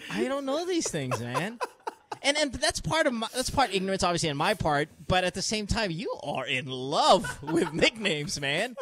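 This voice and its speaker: A man's voice: sits high, very animated, normal speed, a bit bright. A man co-hosting a casual sports talk podcast, joining remotely, teasing his co-hosts and acting out quotes as he tells stories. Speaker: podcast co-host. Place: calling in remotely from another city.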